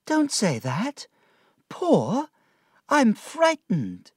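A frightened, childish young woman, pitched far above his own voice, breathy and pleading. She sways wide between high notes in slow, drawn-out phrases. The recording is close and dry. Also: huge pitch swings, darkish tone, no room sound, full character voice. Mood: frightened, tearful. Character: young fiancée Dora, childish, tearful, easily frightened.

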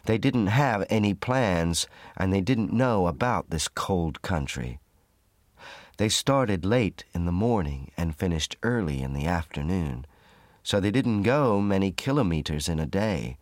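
Male narrator, very deep voice, slow measured storybook reading, dry close sound. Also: lively intonation, dry recording. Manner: measured, clear reading for learners.

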